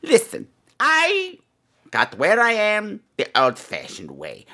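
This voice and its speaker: Man doing a campy gargoyle advice host, crude and theatrical, bright, swooping voice. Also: medium pitch, wildly swooping pitch, a little slow, gravelly. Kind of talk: comedy podcast advice segment.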